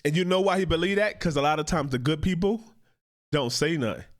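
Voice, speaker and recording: A man's voice: fairly high pitch, animated, brisk. A man hosting a reaction commentary, talking in a profane, emphatic and indignant way. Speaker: host, commentator.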